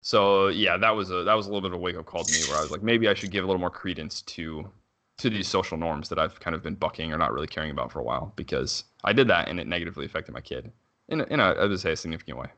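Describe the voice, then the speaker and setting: Thirties dad type, low and fast, bright-edged voice, loose rambly storyteller with filler-heavy delivery. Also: male voice. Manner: rambling, frequent "like" fillers and self-restarts, quick laughs. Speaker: father telling a story. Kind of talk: casual conversational chat.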